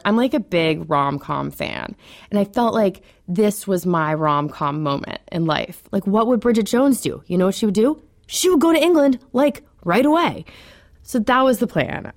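A woman telling a personal story in a radio interview, chatty and animated, with many fillers and frequent laughs. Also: medium pitch, dry recording, clean studio sound.

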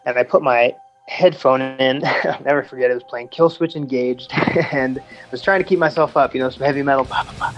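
A man in his thirties, a Navy veteran, telling his story casually in an interview with many fillers and chuckles. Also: mid-range voice. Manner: halting, chuckling, lots of fillers. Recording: slightly dull sound with faint music.

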